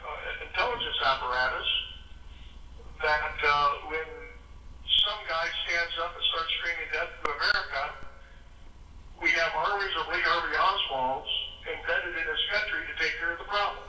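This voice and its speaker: A man's voice: a little high, normal speed, sharp tone, reverberant, recorded from a distance, slight background noise, low-quality recording. A man appearing as a guest on a political talk radio show, speaking in an assertive, speech-like way.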